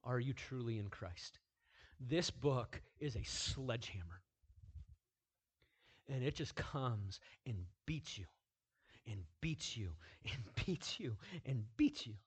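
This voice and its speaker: A man preaching a sermon, moving from quiet, measured lines to loud, emphatic repetition. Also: mid-range voice, animated, slightly rough. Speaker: pastor.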